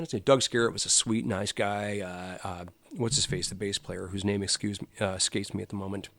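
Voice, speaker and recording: A man, a guest musician, telling animated stories in a casual chat. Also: fairly low pitch, fast talker, vocal fry. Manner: animated storyteller, acts out quotes.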